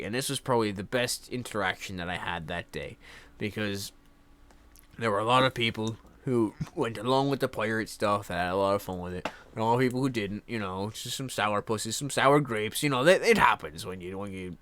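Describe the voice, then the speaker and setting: A young man with a bright, forceful voice tells casual stories in a loose, rambling way. He swears freely, laughs between lines and acts out the people he met. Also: medium pitch. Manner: rambling, swears a lot, laughs often, mimics others. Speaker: host. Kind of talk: casual storytelling.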